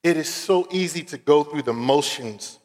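A man's voice: a little high, normal speed, a little mellow. A man from Philadelphia preaching a sermon as a guest preacher, earnest and conversational, with casual fillers as he tells stories. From Philadelphia, USA. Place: church sanctuary. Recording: long church hall reverb.

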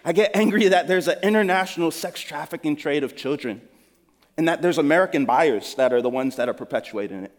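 Male pastor, high voice, earnest conversational sermon, big reverberant hall.

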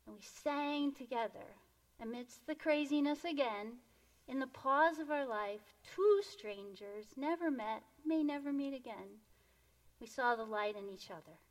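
Female storyteller and reflection guide; slow, gentle, softly hushed delivery, slightly high voice. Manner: gentle, unhurried, often dropping to a soft hush.

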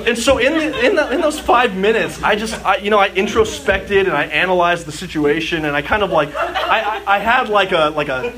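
Man, high voice, chatty storytelling sermon, lots of "like", audience clearly heard in a hall. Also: expressive, a little fast, a crowd in the background. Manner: chatty, fills talk with "like", acts out his child self. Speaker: youth speaker. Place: church gathering with live audience.

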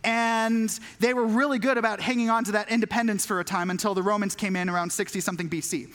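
A woman's voice: mid-range voice, fast. Jokey storytelling woman preacher. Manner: animated, jokey storytelling with acted-out voices. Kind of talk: sermon. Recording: long hall reverb.

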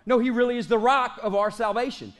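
In his late thirties and with an unusually high voice for a man, a pastor preaches an energetic sermon. He drags out key phrases slowly for emphasis, then picks up speed and trades jokes with the congregation.

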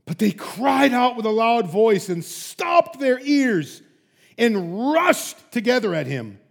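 A pastor delivering a sermon in a fairly high male voice. He moves between loud, emphatic peaks and quiet, dropped lines. He keeps throwing in casual rhetorical questions. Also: slow pace, vocal fry. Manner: emphatic, animated preaching with sudden loud peaks and soft drops.

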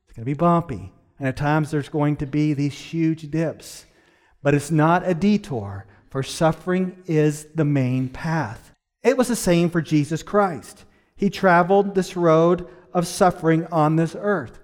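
Middle-aged guy preaching a sermon, earnest, kinda high voice, slows down on the big lines. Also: a little mellow. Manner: earnest, varies pace, slows down for emphasis. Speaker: pastor.

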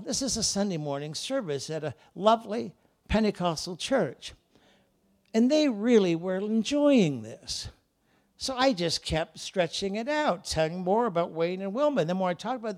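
A high-pitched male preacher delivers a fiery sermon in a church. He leaps from booming shouts down to hushed, wry remarks, and slips into voices for the people in his stories. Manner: dramatic, swings between shouting and quiet asides; acts out characters in voices. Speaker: guest preacher. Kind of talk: Pentecostal-style sermon. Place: church service.

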